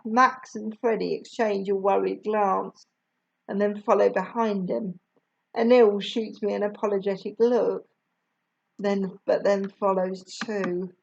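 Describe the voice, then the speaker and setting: A woman reading a children's novel aloud in an expressive way, on a slightly dull recording. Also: mid-range voice, slow pace, gravelly. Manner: expressive, lively. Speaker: storybook reader.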